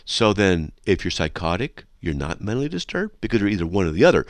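A male talk radio host with a fairly low voice that swoops up and down with great animation. He lectures in a sarcastic, mocking tone. He is recorded dry and close in a studio. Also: very animated, fast talker, few pauses, no room sound. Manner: sarcastic, lecturing, reads listener emails aloud. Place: radio studio with a control room window.

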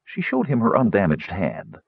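A man's voice: fairly low pitch, wildly swooping pitch, moderate pace, gravelly, husky, dry recording, phone-quality sound. A man reading an audiobook in a scripted narration style, giving each character a voice of his own.

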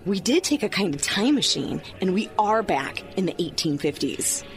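An actress playing a fed-up American bride who owns a bookstore, sarcastic and exasperated, in a radio drama. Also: female voice, medium pitch, big pitch swings, moderate pace, soft background music. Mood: uneasy. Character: fed-up American bride, bookish, sharp-tongued.

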